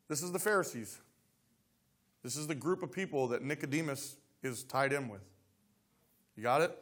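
A man's voice: fairly high pitch, animated, normal speed, bright, forceful tone. A man preaching a sermon, reading scripture aloud and explaining it, with frequent questions to the congregation. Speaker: pastor.

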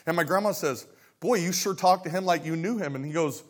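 A man preaching a sermon, telling stories and acting out scripture dialogue, dropping to quiet asides between loud exclaimed lines. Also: a little high, fairly quick. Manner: storytelling, swings from soft asides to loud dramatic quotes; acts out dialogue of scripture characters. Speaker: pastor.

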